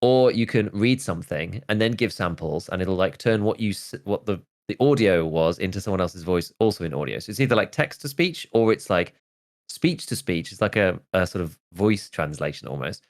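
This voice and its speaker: A podcast host in his thirties talks in a very low, deep voice. He rambles through casual chat, stacking "like" and half-finished starts as he works his way to a point. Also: brisk, hardly any pauses. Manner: rambling, full of "like" and restarts.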